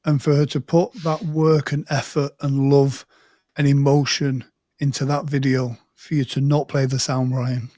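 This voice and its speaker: A man's voice: medium pitch, little pitch movement, normal speed, dark tone, dry recording, clean studio sound. A man, a guest hypnotist in a casual video-call chat, chatting and reading comments aloud.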